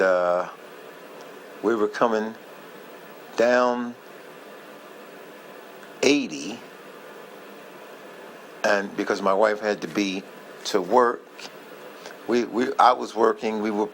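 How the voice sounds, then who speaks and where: A man with a fairly low voice talks very slowly, reminiscing in a casual, heartfelt monologue. He rambles and halts, often losing his thread as he goes. A faint hiss sits under his voice. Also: low-quality recording. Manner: heartfelt, moved by the memory. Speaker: vlogger sharing memories.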